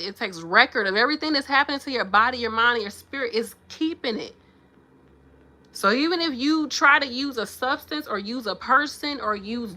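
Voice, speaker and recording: A woman's voice: mid-range voice, sharp tone. A woman, giving casual motivational talk in a frank, profane, big-sister manner. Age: 30s. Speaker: nurse vlogger.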